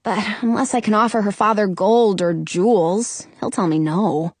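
A woman's voice: normal speed, a little mellow, no echo, close to an everyday voice. A woman voicing an earnest, hopeful young man in a storybook reading. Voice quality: lowered, earnest voice.

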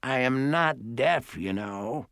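A man voicing a very old, frail woman who speaks in a stately, curt way, slowly and softly. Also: mid-range voice, animated, creaky, no room sound, studio quality, pitched above the performer's own voice, heavily acted. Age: over 60. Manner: curt, stately, softened and slow.

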